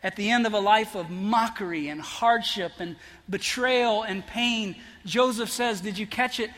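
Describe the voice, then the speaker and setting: A man preaching a sermon as pastor, earnest, building to emphatic peaks and then dropping soft. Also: high voice, measured pace. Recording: long hall reverb.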